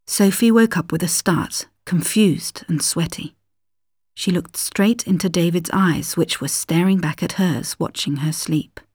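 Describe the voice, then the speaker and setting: A woman narrating a scripted story calmly, at times dropping into whispers. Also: on the low side, a little slow, husky, no room sound, studio quality.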